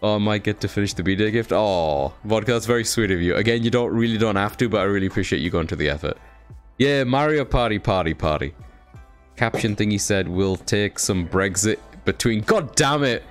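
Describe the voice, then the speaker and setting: This young British streamer has a fairly low voice with lively intonation and a brisk pace. He casually chats, reads comments aloud, thanks his viewers, and swears from time to time, with soft music in the background.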